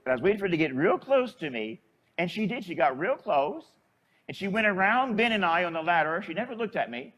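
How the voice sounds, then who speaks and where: High-voiced priest telling a folksy story. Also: male voice, lively intonation, brisk, a bit bright. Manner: folksy, conversational, chuckles while telling. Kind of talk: storytelling homily.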